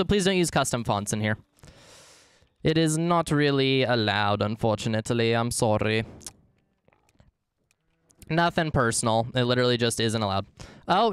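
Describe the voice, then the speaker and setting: Goofy guy streamer chatting w/ viewers while gaming, bouncy up and down pitch, smooth voice. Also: dry recording, clean studio sound. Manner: goofy, rambling, talks to chat. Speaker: live streamer.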